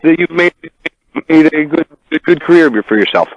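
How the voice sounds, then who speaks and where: A man's voice: a little high, lively intonation, moderate pace, slight background noise, poor audio. A man calling in to a radio show, speaking in a friendly, apologetic way.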